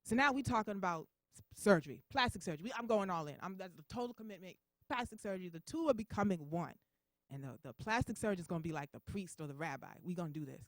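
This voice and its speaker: A woman comedian doing animated stand-up storytelling on a stage mic. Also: on the low side, fast talker, dry recording.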